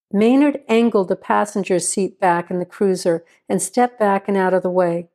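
Woman narrating a story, mellow tone. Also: mid-range voice, moderate pace, hardly any pauses.

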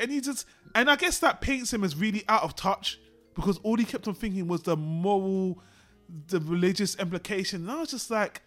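A man co-hosting a podcast, chatting casually about a film, animated and swearing as he acts out lines from it. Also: high-pitched, a little fast, soft background music. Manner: animated, swearing, acts out characters in his retelling. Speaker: podcast co-host.

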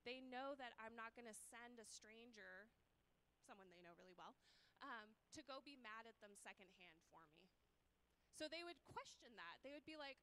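A woman's voice: fairly high pitch, expressive, moderate pace, bright, forceful tone, a little hiss or hum, low-quality recording. A woman in her thirties preaching a sermon as a guest speaker in a church, in an earnest, conversational and emphatic manner.

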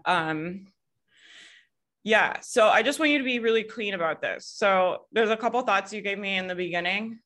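A Southern American woman runs a coaching call over video. Her voice is bright and forceful, and her pitch sits in the middle. She talks loosely and casually, swears now and then, and laughs a lot as she acts out how people think. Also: moderate pace. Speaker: business coach.

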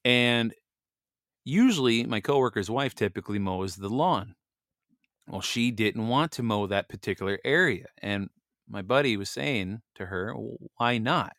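A man's voice: on the low side, lively intonation, a little slow, a bit bright, no echo, clean studio sound. A man hosting a Bible devotional show, telling a story casually with many fillers and reading scripture aloud. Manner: rambling storyteller, many "you know" fillers.

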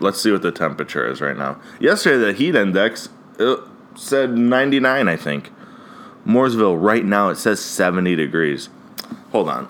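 A deep-voiced man in his mid-twenties from Ohio, USA, hosts a casual solo podcast with a fairly bright tone. He rambles, leaning constantly on "like" and "dude," and swears and laughs often.

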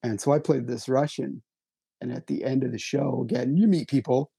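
Guest writer-actor, man; husky, dry-sounding voice, self-deprecating storyteller. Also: mid-range voice, moderate pace, mellow, dry recording. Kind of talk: casual conversation, storytelling.

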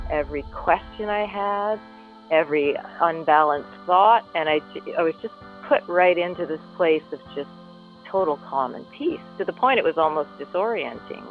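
A man, a guest, telling a personal story in an earnest, reflective way and lingering over his words. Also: on the high side. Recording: phone-like line with faint music.

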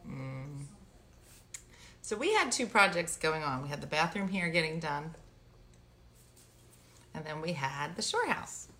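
A woman's voice: deep voice, expressive, measured pace, long pauses, fairly bright tone. A middle-aged woman casually chatting and telling stories on a home livestream, mock-outraged and laughing often. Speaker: livestream host. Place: home, indoors.

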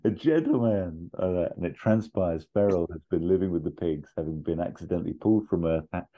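Low mellow guy rambling through a movie pitch, slips into quick voices, kinda muffled audio. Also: fairly even intonation. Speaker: podcast host pitching a film sequel. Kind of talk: casual storytelling chat.

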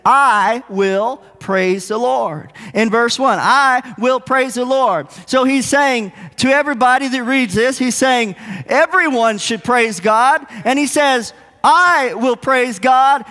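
A male pastor preaches from the pulpit with a strikingly high voice. He leans into call-and-response and stretches out his quoted lines for emphasis. The sound rings with the long reverb of a church hall. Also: a bit bright. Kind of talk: sermon.

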